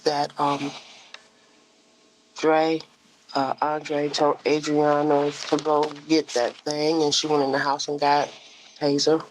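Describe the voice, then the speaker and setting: Halting, evasive woman under questioning. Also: sits low, completely flat delivery, a little hiss or hum, low-quality recording. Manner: halting, evasive, many ums. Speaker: interviewee. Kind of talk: police interview.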